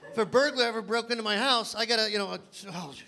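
A man's voice: high-pitched, fast talker, heavy background noise. A man doing a stand-up set on a comedy club stage, telling rambling, self-mocking stories that he keeps stumbling through.

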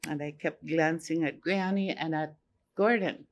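Gentle older Cree-speaking woman storyteller. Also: low voice, steady tone. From Saskatchewan, Canada. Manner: gentle, unhurried, repeats phrases. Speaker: elder. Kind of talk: personal storytelling at a panel.

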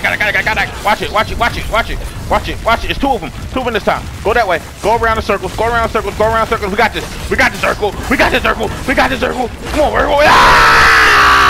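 A gaming streamer with a high-sitting male voice and vocal fry plays a game for the first time, delivering profane, hyped let's-play commentary. He trash-talks and keeps repeating phrases, with game music running underneath.

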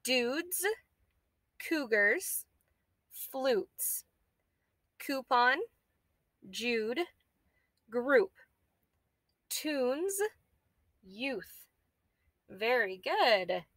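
Encouraging woman teacher, slow and bright. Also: on the high side, lively intonation, no echo. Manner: encouraging, spells words slowly letter by letter. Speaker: elementary school teacher. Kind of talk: guided reading lesson for children.

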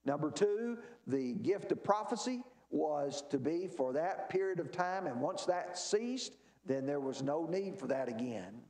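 A man's voice: a little high, lively intonation, unhurried, few pauses, a little mellow, roomy sound. A man teaching a church Bible class, emphatic, asking questions and answering them himself. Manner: emphatic, asks and answers his own questions.

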